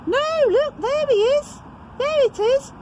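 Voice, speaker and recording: A woman voicing an eager, excited female pirate who cries out. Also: very high-pitched, normal speed, slight background noise, voice pushed up. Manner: excited, crying out.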